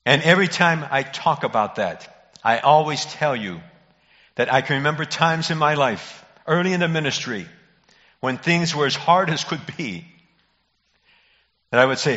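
A man, a pastor, preaching a sermon in an earnest, emphatic way with dramatic pauses. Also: on the high side, expressive, pushed and bright. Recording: muffled audio in a reverberant hall.

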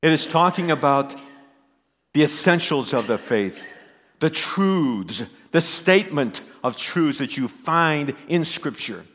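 Animated male preacher in an echoey hall. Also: on the high side, measured pace. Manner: emphatic, repeats key phrases. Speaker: pastor. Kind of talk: sermon.

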